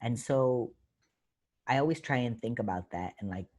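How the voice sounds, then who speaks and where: A comedian answering questions in a casual, animated way, full of fillers and acted-out stage lines, over a video call. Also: male voice, medium pitch, normal speed. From United States. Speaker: comedian guest.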